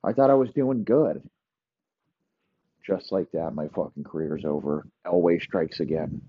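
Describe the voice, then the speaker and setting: A man voicing a whiny, self-pitying young quarterback in a low, sulky mumble. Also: measured pace, breathy edge, narrow, tinny audio. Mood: sulking.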